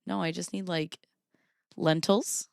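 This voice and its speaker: A woman's voice: lowish voice, fairly even intonation, takes it slowly, vocal fry, a little mellow, no echo, studio quality. A woman in her thirties hosting a casual livestream, giggly and often breaking into laughter. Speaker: streamer host.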